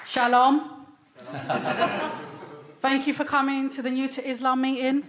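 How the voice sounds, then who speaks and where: A woman in her thirties with a London accent, performing a stand-up comedy set with a cheeky, deadpan delivery. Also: sits high, a little slow, very noisy. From London, England. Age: 30s. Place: small comedy club stage. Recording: live club recording with loud crowd. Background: loud audience laughter and applause.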